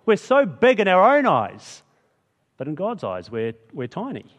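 A man's voice: sits high, wildly swooping pitch, measured pace, long reverb tail. A man preaching a sermon in a chatty, conversational way, often asking the listeners rhetorical questions. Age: adult with school-age kids.

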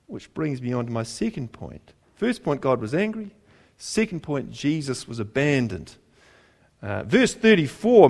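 A man's voice: mid-range voice, gravelly. A man preaching a sermon in a conversational tone, asking the congregation rhetorical questions and repeating key phrases for emphasis.

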